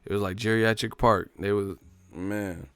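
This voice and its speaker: A man's voice: on the low side, steady tone, normal speed, fairly bright tone, smooth, no room sound. A man telling a profane, rambling comic story in casual slang. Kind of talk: casual comedic storytelling monologue.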